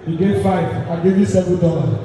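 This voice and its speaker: High-voiced Nigerian MC in an echoey hall. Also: male voice, fairly quick. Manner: loud, rousing, mixes in Pidgin. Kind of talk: live stage MC hyping a crowd. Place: live show venue in London. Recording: echoey hall from far off, loud crowd.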